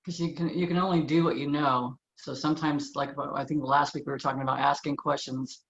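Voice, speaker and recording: A woman's voice: low-pitched, steady tone. A woman co-hosting a spiritual talk show, speaking eagerly in casual chat with frequent restarts. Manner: quick, eager, with repeated restarts. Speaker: co-host of a spiritual podcast. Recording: slightly muffled sound.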